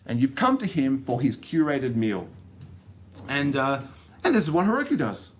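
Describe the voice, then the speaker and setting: A man's voice: mid-range voice, huge pitch swings, moderate pace, a little hiss or hum. Joking Australian man giving a tech talk. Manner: joking, loose and rambling, with many fillers and restarts. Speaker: conference speaker. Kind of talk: technical talk to an audience. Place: conference room.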